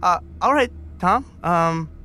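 A man hosting an improvised comedy podcast, excitable and swinging from high yelps to gruff low lines as a superhero sidekick. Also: slow pace.

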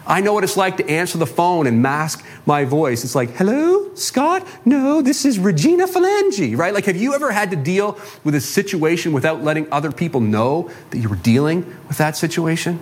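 A man with a slightly higher voice preaches a sermon as a pastor. He talks to his congregation conversationally, throwing out rhetorical questions and joking at his own expense. His delivery is casual rather than formal. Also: animated, fairly quick, few pauses. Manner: self-deprecating humor.

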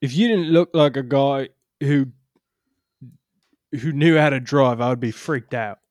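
In an improvised comedy scene, a man plays a gruff, bossy middle-aged boss who leans in conspiratorially and fires off the rules to his newly hired driver at a fast clip. His medium-pitched, darkish voice sounds natural, recorded at studio quality with no echo.

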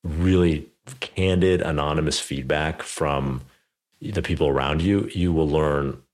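A man's voice: very deep voice, a little slow. A man hosting a podcast interview, telling a personal story casually with lots of "like" and "you know". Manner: animated, many fillers like "like" and "you know". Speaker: podcast host.

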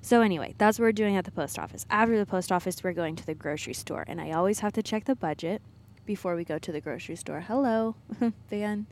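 A woman's voice: medium pitch, fast talker, darkish tone, a little hiss or hum. A woman podcast co-host chatting casually on her own from a parked car, rambling and laughing at herself. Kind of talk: casual solo chat.

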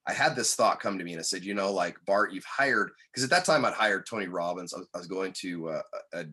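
Husky guy, low voice, earnest podcast guest telling his story, gets animated quoting people. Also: fast talker. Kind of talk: candid storytelling.

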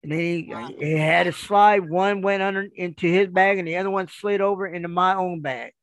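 A man telling a rambling, animated story in casual conversation, acting out the dialogue as he goes. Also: sits high, moderate pace, dry recording. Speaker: guest storyteller.

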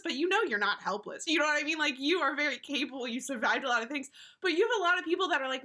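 A woman co-hosting a podcast in casual chat, animated and acting out the voices she quotes. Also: high-pitched, fast talker. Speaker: podcast co-host.

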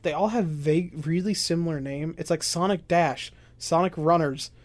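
A man's voice: on the high side, moderate pace. A young man hosting a casual podcast, joking around and reading out news items. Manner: joking, excitable, reads news items aloud. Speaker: podcast host.

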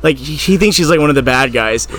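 A young man hosting a podcast, tossing out crude deadpan one-liners in casual chat. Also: a little high, fast, a crowd in the background. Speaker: podcast host.

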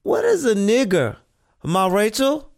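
A woman voicing an earnest, thoughtful seven-year-old boy, who speaks slowly and questioningly in an audio play reading. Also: mid-range voice, wildly swooping pitch, vocal fry, a little mellow, full character voice. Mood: hurt. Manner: slow, earnest childlike questioning.

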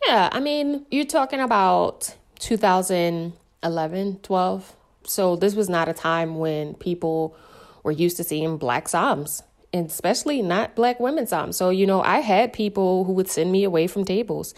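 A woman with a slightly low voice tells her career story as an interview guest. She talks candidly and conversationally, filling her sentences with "like" and "you know". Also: unhurried. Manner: candid, chatty, peppered with "like". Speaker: sommelier guest.

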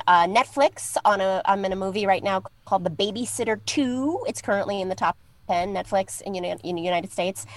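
A woman co-hosting a comedy quiz podcast, playful in her plugs and crisp reading the credits. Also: medium pitch. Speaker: co-host and scorekeeper.

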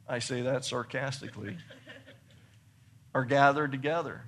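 A man preaching a sermon, reading scripture and explaining it earnestly, building to excited emphasis and then dropping soft for points. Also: mid-range voice, moderate pace, pauses often. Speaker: pastor.

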